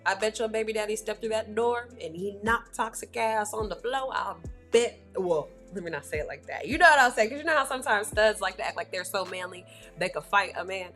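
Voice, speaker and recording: A woman's voice: medium pitch, brisk, a bit bright, soft background music. A woman giving blunt, slangy, scolding reaction commentary as a vlog host. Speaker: commentary vlogger.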